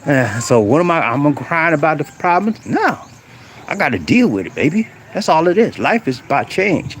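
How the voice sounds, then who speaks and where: A man's voice: a little high, big pitch swings, moderate pace, slight background noise. A middle-aged man, chatting bluntly on a live stream from outdoors in a rural area, calling out to viewers with slang. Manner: preachy, blunt, talks straight to viewers with slang. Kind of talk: casual live-stream chat.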